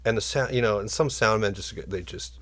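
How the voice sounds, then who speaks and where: A man talking as a podcast guest, rambling through stories with many restarts and getting animated as he goes. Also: on the low side, brisk. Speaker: guest musician and instrument builder. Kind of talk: casual podcast conversation.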